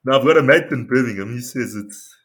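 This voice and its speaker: A young South African man with a South African accent, chatting casually on a podcast in a relaxed, slangy way, often laughing. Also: medium pitch, brisk, breathy edge. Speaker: podcast co-host. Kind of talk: casual chat.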